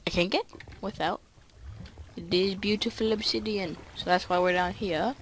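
A let's play gamer chatting casually and excitably through each move of the game. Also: mid-range voice, moderate pace. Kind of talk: casual gameplay commentary.

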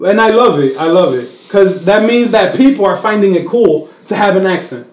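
A man with a high voice talks at a normal speed in a roomy space, with a little hiss or hum underneath. He's a Dominican-born comedian, a guest in a casual interview, switching between English and Spanish and animatedly putting on voices as he tells stories.

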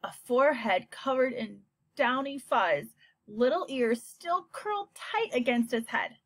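Lively woman narrating a children's book. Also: high voice, measured pace, no echo. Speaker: audiobook narrator. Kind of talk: scripted storybook narration.

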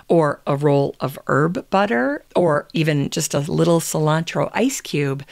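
A woman hosting a gardening podcast in scripted, unhurried narration, reading quotations aloud. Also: on the low side, vocal fry, dry recording. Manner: unhurried, reads quotes aloud. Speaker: podcast host.

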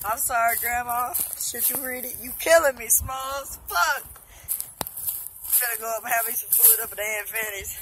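A tipsy woman vlogging on her phone while walking outdoors, loud and profane, laughing often. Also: fairly high pitch, normal speed, a little hiss or hum. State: tipsy from drinking. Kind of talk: casual self-filmed vlog. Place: outdoors walking along a road.

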